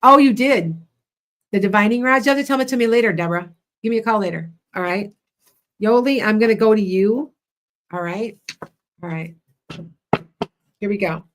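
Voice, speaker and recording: Midwestern Chicago-accented woman, chatty and blunt, livestream psychic host, mid pitch. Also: moderate pace, long pauses. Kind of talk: casual livestream readings.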